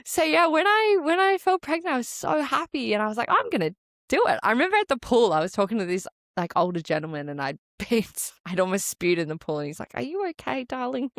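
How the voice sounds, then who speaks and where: A woman's voice: medium pitch, animated, fast, no echo, studio quality. An Australian woman co-hosting a podcast, chatting casually and laughing often, with plenty of "like". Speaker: podcast co-host. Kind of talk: casual chat.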